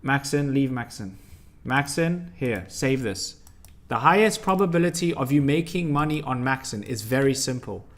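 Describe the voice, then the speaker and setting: A man's voice: medium pitch, animated, normal speed. A young man hosts a live trading stream in an ordinary mid-range voice. He talks bluntly and emphatically, quizzing his viewers and scolding them when they get it wrong. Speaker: stock trading livestream host.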